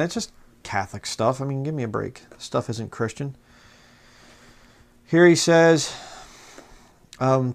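Fired-up preaching man. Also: medium pitch. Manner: passionate, fired-up, mocking; reads quotes aloud from books. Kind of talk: fiery religious commentary video.

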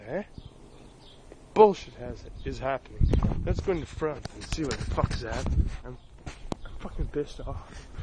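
This furious Acadian French Canadian vlogger has a fairly high, slightly mellow voice, recorded roughly on a cell phone with slight background noise. Outdoors near his home, pointing the camera at the sky, he delivers an angry, profane rant, cursing nonstop and repeating himself.

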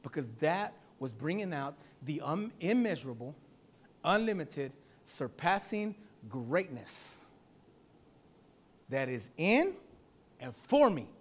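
A male pastor preaching at a church service, swinging from loud exhortation to softer speech and calling out to the congregation for a response. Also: a little high, very animated, slow pace, long pauses, slightly rough. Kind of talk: sermon.

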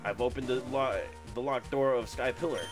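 A man's voice: medium pitch, fairly quick, lightly acted. A man reading as an urgent gym leader ally. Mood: apologetic. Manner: urgent, reading game text aloud. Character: earnest adult male gym leader ally. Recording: video game music underneath. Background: game music.

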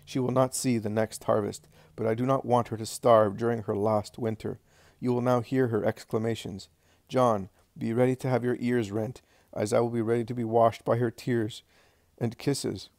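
A man voicing a gentle, joyful and dignified male teacher who speaks in a calm, encouraging way. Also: mid-range voice, moderate pace, dry recording, clean studio sound, lightly acted. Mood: tender.

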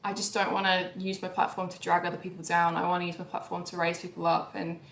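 A young woman talks straight to her viewers in a confessional vlog, her voice carrying a gravelly fry. She sounds emotional and candid, shifting from quiet, deflated phrases to louder, pleading bursts. The room around her is noticeably echoey. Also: fairly low pitch, monotone, fast talker, slight background noise. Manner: emotional and candid, swings between soft sighs and raised outbursts. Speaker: YouTuber.

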